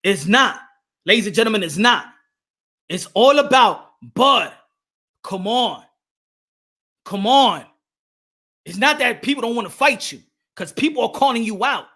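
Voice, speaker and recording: A man hosting a live boxing stream, loud and animated, trash-talking fighters and hyping his viewers. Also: sits high, a little slow, long pauses. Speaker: boxing commentator.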